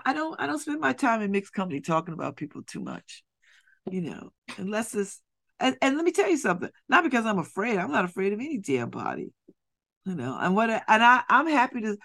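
A middle-aged woman hosting a radio show, talking in an animated, repetitive way with laughing asides. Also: mid-range voice. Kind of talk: casual monologue. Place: radio studio.

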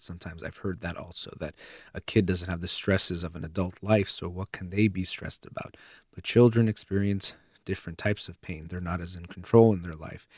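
A man giving steady, earnest parenting advice in a calm explanatory monologue, like a counselor. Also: low voice, fairly quick, dry recording, studio quality.

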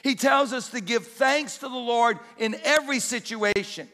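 A pastor preaching a sermon with emphatic, repeated exhortations in a church. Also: male voice, very high-pitched, normal speed, pushed and bright, in a large hall.

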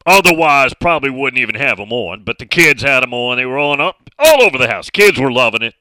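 A man's voice: mid-range voice, big pitch swings, a little fast, pushed and bright, no echo, rough recording. A man hosting a casual sports talk radio show from a studio, chatting and reading out listener messages.

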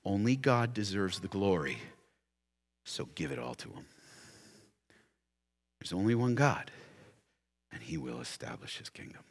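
A man's voice: low-pitched, very animated, a little slow, pauses often, breathy edge. A man preaching as a pastor, giving an impassioned altar call full of repeated rhetorical questions. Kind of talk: sermon. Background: soft music playing.

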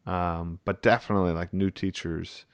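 A man hosting a relaxed talk about teaching, animated and chatty with many fillers. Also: sits low, normal speed, dry recording. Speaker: podcast host and teacher. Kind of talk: casual conversation.

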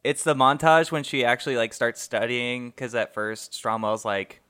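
A man co-hosting a casual movie podcast. He talks in an easy, chatty way and often laughs as he tells trivia. His voice sits at an ordinary pitch for a man. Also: moderate pace, bright, forceful tone, smooth. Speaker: podcast co-host. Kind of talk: casual chat.

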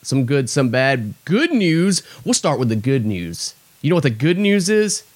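A man hosting a comedy podcast, talking casually in a jokey way that swings between excitement and mock tears. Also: mid-range voice, measured pace, no room sound. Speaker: podcast host.

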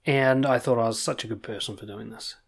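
A man, a confidence coach giving a blunt motivational monologue, swearing freely and pushing points with animated emphasis. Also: mid-range voice, a little fast, creaky, slightly rough.

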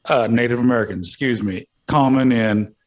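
A man's voice: mid-range voice, moderate pace. A young man co-hosting a podcast, rambling and swearing through crude banter, laughing often. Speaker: podcast co-host.

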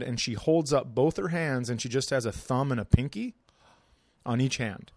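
Guest: male comic, even middle pitch, relaxed deadpan storytelling, dry studio sound. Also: normal speed, no room sound. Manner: laid-back, dry storyteller who acts out voices in anecdotes. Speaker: stand-up comedian, podcast guest. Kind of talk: casual comedy podcast storytelling.

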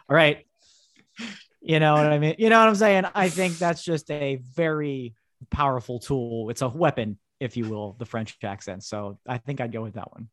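A man's voice: mid-range voice, normal speed, fairly bright tone. A man co-hosting a casual podcast, talking playfully and laughing easily. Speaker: podcast co-host. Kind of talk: casual chat.

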